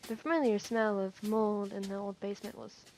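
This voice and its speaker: A woman's voice: medium pitch, steady tone, normal speed, darkish tone, a little hiss or hum. A young woman hosting a gaming video, reading a story game's text aloud, stumbling over words and correcting herself. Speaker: gaming channel host. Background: background music.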